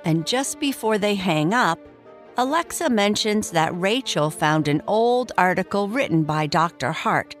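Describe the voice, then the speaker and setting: A woman hosting a bedtime story show, reading listener shout-outs and narrating a children's story in a slow, soothing way. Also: medium pitch, animated, soft background music. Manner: slow, soft and soothing, reading names warmly. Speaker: storyteller host.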